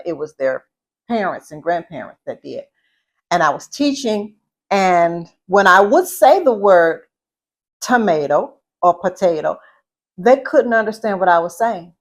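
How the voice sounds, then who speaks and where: A middle-aged woman with a Louisiana Southern accent gives an etiquette lesson. She speaks at an unhurried pace in a mid-range voice. She repeats her points and puts questions to the listener. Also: medium pitch. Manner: slow and deliberate, repeats herself, asks the listener questions. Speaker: etiquette teacher. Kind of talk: instructional talk.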